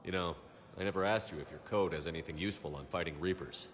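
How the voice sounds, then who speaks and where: Commander Shepard, a man as a steady military commander. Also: low-pitched, fast talker, a little hiss or hum, close to an everyday voice. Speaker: player character, military commander.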